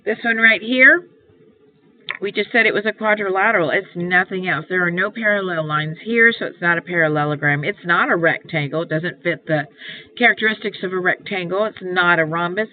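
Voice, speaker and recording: A woman's voice: lowish voice, brisk. A woman math teacher walking through a homework assignment, explaining each step patiently and repeating key points. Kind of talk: homework walkthrough lesson. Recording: tinny phone-like sound, faint hiss.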